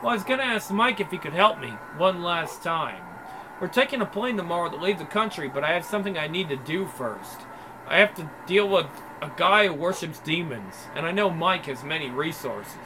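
A man voicing a calm, determined young male hero. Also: a little high, a little fast, background noise, lightly acted.

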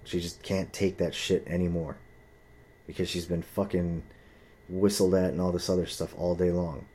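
A man's voice: low-pitched, little pitch movement, normal speed, mellow, slightly rough. A young man in a casual, profane, heated monologue, telling a story and acting out the voices of the people in it.

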